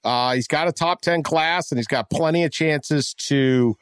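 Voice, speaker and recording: A man's voice: a little high, measured pace, clear, resonant tone, no echo, studio quality. A man from West Virginia co-hosting a casual sports talk show, rambling and often correcting himself as he talks. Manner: rambling, self-correcting, animated. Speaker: podcast co-host.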